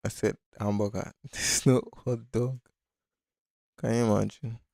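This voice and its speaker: A man's voice: fairly low pitch, fairly even intonation, unhurried, creaky, darkish tone, dry recording, studio quality. A man hosting a casual live-stream design tutorial, talking loosely and thinking aloud with many fillers. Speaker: design instructor.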